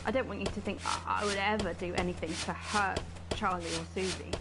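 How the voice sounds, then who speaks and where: A posh, lovelorn female presenter, played by a woman, spills an awkward, obsessive confession at the end of a broadcast. Her voice sits mid-range, and a steady hiss runs under the recording. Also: medium pitch, brisk, close to an everyday voice. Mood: pleading. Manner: rambling, awkward, pleading confession.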